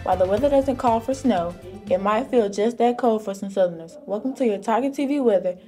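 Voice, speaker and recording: Teenage girl, student weather anchor, scripted forecast, mellow higher voice, faint music behind. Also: fairly quick. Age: teens. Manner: reads steadily from script.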